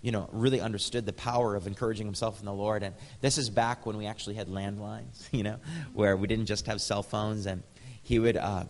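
A man's voice: on the low side, level tone, fairly quick, long reverb tail. An American man preaching a sermon, telling stories in a casual, conversational way with frequent chuckles. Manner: conversational, chuckles often, acts out dialogue. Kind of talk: storytelling sermon.

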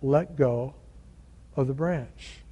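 Brief: God as a calm, unbothered voice from above, a bit dry and lowered, put on by a preacher. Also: male voice, slow, heavily acted. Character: calm, gently wry God speaking from above.

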